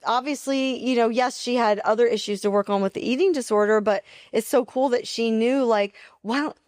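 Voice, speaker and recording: A woman co-hosting a podcast, chatty and animated, laughing easily between points. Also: a little high, fairly quick, no room sound, studio quality. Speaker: podcast co-host, nurse. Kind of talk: casual podcast chat.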